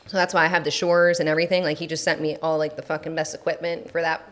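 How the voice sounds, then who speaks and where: A woman's voice: low voice, little pitch movement, fast. A young woman from southern New Jersey chatting casually as a guest, swearing a lot and laughing often. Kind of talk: casual chat.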